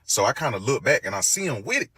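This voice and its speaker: A man's voice: mid-range voice, fast, breathy edge, no room sound. A man telling a personal story in casual talk, loose and full of fillers, acting out the voices and sounds as he goes. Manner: animated, acts out quoted voices and sounds.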